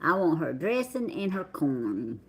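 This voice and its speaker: A woman's voice: low-pitched, very animated, unhurried, husky. A middle-aged woman with a Southern American accent, casually chatting to viewers on a livestream and reading out their names in a drawl. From Southern United States. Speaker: livestream host. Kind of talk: casual live chat greeting viewers.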